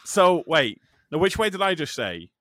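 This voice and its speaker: A man co-hosting a podcast in casual chat, animated, laughing often and swearing freely. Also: a little high, moderate pace, no echo. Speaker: podcast co-host.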